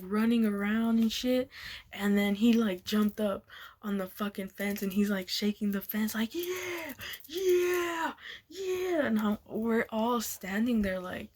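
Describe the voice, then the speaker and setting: A woman's voice: medium pitch, darkish tone. A young woman vlogger telling a casual storytime, laughing often and swearing as she rambles. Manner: giggly, swears a lot, loose and rambling.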